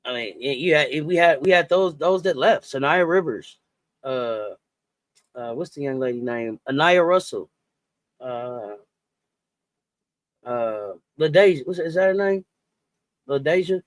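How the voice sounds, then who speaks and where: A man hosting a casual livestream sports chat, animated and slangy, greeting viewers and reading their comments aloud. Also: a little high, measured pace, long pauses, dry recording. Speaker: sports talk host.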